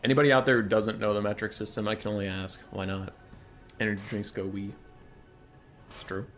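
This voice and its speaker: A man chatting casually on a live stream as a game caster, ranting, with swearing and bursts of loud exasperation. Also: on the low side, flat delivery, brisk, faint music behind.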